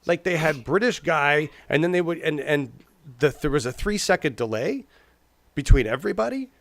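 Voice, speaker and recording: Man, casual chat host, rambling, stumbles over words, fairly high voice, dry close sound. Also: animated, normal speed, creaky, a bit bright, dry recording. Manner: rambling, repeats words, mocking impressions. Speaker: podcast co-host.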